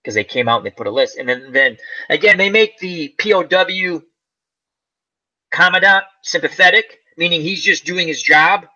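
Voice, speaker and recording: A man's voice: fairly high pitch, expressive, moderate pace, sharp tone. A man hosting a casual chat, rambling through a movie plot and acting out its lines. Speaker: channel host. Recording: dull lo-fi sound.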